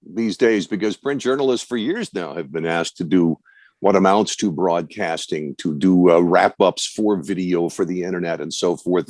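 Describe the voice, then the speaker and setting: A man's voice: low voice, dry recording. An older man coaching broadcasters, giving confident, wry advice in an online question-and-answer session over a video call. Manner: confident, wry, lively storytelling. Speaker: broadcast coach and guest speaker.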